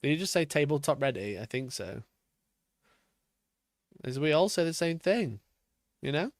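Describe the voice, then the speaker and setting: A male streamer reacts live for his chat, loud and mocking, swearing freely and laughing in bursts. His voice sits a bit high. The mic is close and dry, with no room sound. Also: very animated, moderate pace, no room sound.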